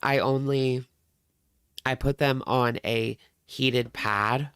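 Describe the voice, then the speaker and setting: A man's voice: mid-range voice, fairly even intonation, slow pace, fairly bright tone, smooth, no room sound, studio quality. A man hosting a reaction livestream, chatting casually with viewers in a rambling way.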